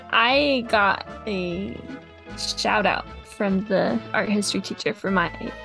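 A young woman co-hosting a podcast, chatty and quick to laugh. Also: medium pitch, gravelly, over music. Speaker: podcast co-host. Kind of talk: casual chat.

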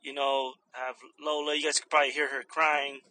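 Bright-voiced young man ranting profanely. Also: medium pitch, moderate pace, low-quality recording. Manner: profane, animated storytelling. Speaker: stand-up comedian. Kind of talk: casual vlog rant.

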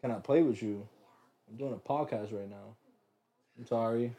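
A young man hosting a podcast, telling stories in a loose, animated way full of slang and laughs. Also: on the low side, moderate pace, slightly rough. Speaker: podcast host. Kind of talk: casual podcast chat.

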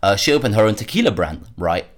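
A man's voice: lowish voice, big pitch swings, fast. A man hosting a solo commentary podcast, worked up and sarcastic, often repeating words as he rants. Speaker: podcast host.

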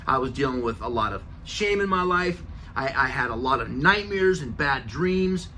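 A man's voice: medium pitch, lively intonation, normal speed, pushed and bright, slight background noise. A middle-aged man hosting a motivational podcast, earnest and emphatic, repeating key phrases for effect. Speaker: podcast host. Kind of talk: motivational talk.

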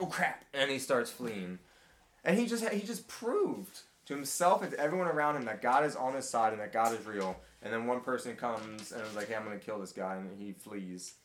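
A man leading a casual Bible study discussion, talking in a halting way with many fillers and restarts. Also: mid-range voice, a bit bright, roomy sound, a little hiss or hum. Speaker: group study leader.

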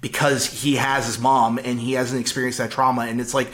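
A man co-hosting a casual movie podcast, talking excitedly with frequent stammered restarts. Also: mid-range voice, brisk. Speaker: podcast co-host. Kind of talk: casual movie review chat.

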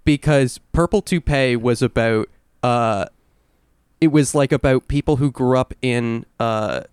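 A man's voice: medium pitch, unhurried, a little mellow, clear, resonant tone, no room sound, clean studio sound. A man co-hosting a casual music podcast, talking enthusiastically in long rambling explanations. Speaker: podcast co-host. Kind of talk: casual chat.

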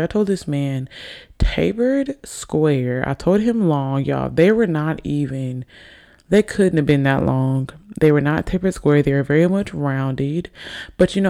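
A woman's voice: low-pitched, vocal fry, dark tone. A young woman from Alabama, slightly tipsy, hosting a casual solo podcast and rambling chattily to her listeners. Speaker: podcast host. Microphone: desk microphone on camera.

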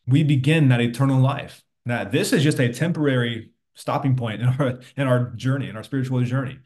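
A man's voice: mid-range voice, darkish tone. A man preaching a casual sermon, reading scripture aloud and checking in with listeners. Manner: conversational preaching, quotes scripture, frequent "right?". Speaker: pastor. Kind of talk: sermon to an online audience.

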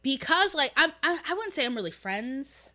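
A woman's voice: sits high, big pitch swings, moderate pace, pushed and bright. A young woman co-hosting a podcast, chatting casually and giggling as she tells a story and acts out the quoted lines. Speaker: podcast co-host. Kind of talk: casual chat.

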